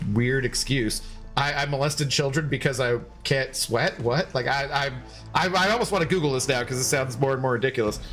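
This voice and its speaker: A man's voice: medium pitch, fairly bright tone. A man streaming a game and chatting loosely with viewers, laughing often and swearing casually.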